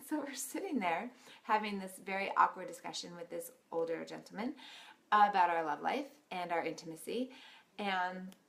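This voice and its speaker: A woman's voice: fairly low pitch, lively intonation, moderate pace, vocal fry, a bit bright. A woman telling a personal story to camera in a chatty, giggly way. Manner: giggly, chatty, with frequent laughs. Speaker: vlogger. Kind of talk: casual storytelling.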